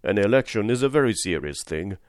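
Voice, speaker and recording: A principled cab driver and father with a low, grave voice, firm and moralizing, as a male reader voices him. The sound is close and dry. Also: lively intonation, brisk, no echo, close to an everyday voice.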